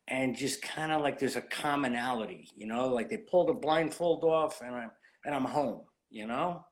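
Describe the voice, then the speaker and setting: A man in his late fifties with a somewhat high voice tells long, meandering stories from his working life. He peppers everything with "you know" and acts out the old conversations. The tone is an easy interview chat. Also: normal speed, few pauses. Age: 50s. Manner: rambling, animated anecdotes full of "you know". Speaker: guest, cigar industry veteran. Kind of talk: casual storytelling interview.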